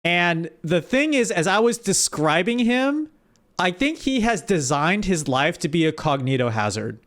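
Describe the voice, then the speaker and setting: A young man chats with his viewers during a live game stream, rambling and restarting sentences. His voice sits a little high and swings widely in pitch. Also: a little slow. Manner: animated, talks straight to chat, rambling with restarts. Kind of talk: casual live-stream chat while gaming.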